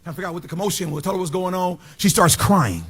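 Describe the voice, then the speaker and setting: A middle-aged male pastor preaching in church, swinging between loud shouted praise and low, hushed storytelling. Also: racing, slightly rough. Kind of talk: sermon. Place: church sanctuary.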